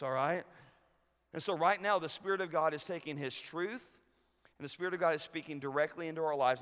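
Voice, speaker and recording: A male pastor preaching a sermon, swinging from loud urgent peaks to hushed lows. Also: smooth. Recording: long reverb of a large hall.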